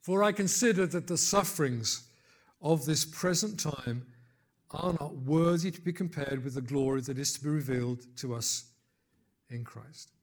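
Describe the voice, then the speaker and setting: Older man preaching with rising fervor. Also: normal speed. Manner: builds to loud emphatic peaks, then drops low and soft; conversational asides and gentle humor. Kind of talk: sermon.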